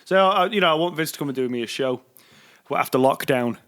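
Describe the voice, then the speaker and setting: A man's voice: mid-range voice, a little fast, fairly bright tone. Mancunian man musing in casual chat. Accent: Manchester. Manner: musing, repeats words as he thinks. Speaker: podcast co-host.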